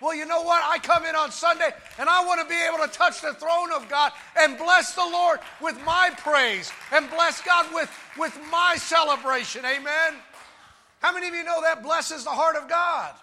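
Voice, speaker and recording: Male pastor, very high voice, piercing bright tone, shouted sermon, call-outs to the church. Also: moderate pace, slight background noise. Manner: shouting, exuberant preaching with call-outs to the congregation.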